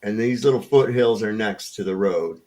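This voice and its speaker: A man's voice: fairly low pitch, normal speed, a little mellow. Laid-back man telling stories. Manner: loose, profane, laughs while telling stories. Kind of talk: casual chat, storytelling.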